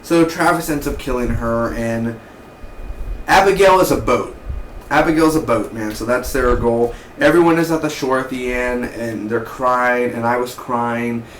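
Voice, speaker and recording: A man giving a casual, excitable spoken TV review, full of slang and mock voices for the characters. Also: mid-range voice, a little slow, reverberant, a little hiss or hum, poor audio. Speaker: TV show reviewer.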